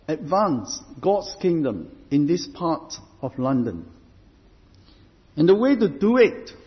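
A man preaching a sermon as pastor, deliberate and emphatic, stressing points through repetition. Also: on the high side. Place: church. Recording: reverberant hall, dull lo-fi sound.

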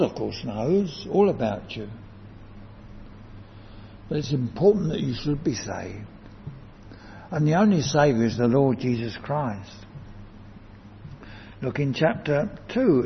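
In a church building, a man with a slightly high voice preaches a sermon, earnest and emphatic, raising his voice to stress key words. The recording is dull and lo-fi, with long reverb and slight background noise.

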